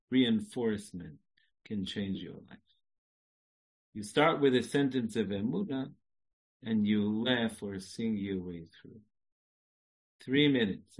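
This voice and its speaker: A man's voice: lowish voice, slightly rough, poor audio. A man giving a religious lecture, repeating short phrases, laughing and breaking into song. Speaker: Jewish lecturer.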